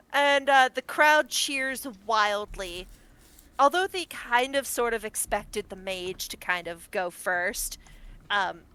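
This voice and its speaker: A woman's voice: mid-range voice, bright, forceful tone, smooth. A woman narrating a tabletop game as game master, in a playful tone with frequent laughter.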